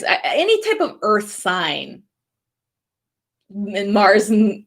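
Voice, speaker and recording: A woman reads the week's astrology transits in a relaxed, chatty way. She talks straight to her viewers, swears freely and breaks into laughter often. Her voice sits at an ordinary mid pitch for a woman. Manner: blunt, heavy swearing, frequent laughter; animated, talks directly to viewers. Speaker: astrology and tarot reader. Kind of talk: casual weekly astrology forecast.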